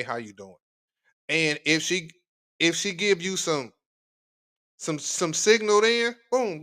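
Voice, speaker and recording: A man's voice: on the high side, sharp tone. A man hosting a reaction video, giving casual, slangy commentary with joking asides.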